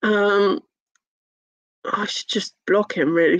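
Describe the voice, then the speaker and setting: Slow-talking English woman streamer. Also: medium pitch, fairly even intonation, a bit bright, no room sound, lo-fi sound. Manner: chatty, sweary, teasing, many fillers. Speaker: live streamer. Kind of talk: casual live-stream chat.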